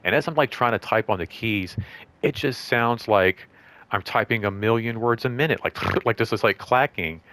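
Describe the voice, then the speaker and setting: A man's voice: lowish voice, normal speed, fairly bright tone, no echo. Rambling man telling a work story. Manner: rambling, full of "like" and restarts, acts out both sides of conversations. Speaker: show host. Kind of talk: casual storytelling monologue.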